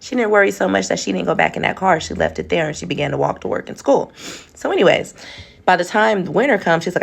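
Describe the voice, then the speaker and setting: A woman's voice: lowish voice, animated, quick pace, gravelly. A woman telling a story in a casual vlog, chatty and talking to her viewers like family, acting out the people in her story. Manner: acts out the people in her story in different voices. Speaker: storytelling content creator.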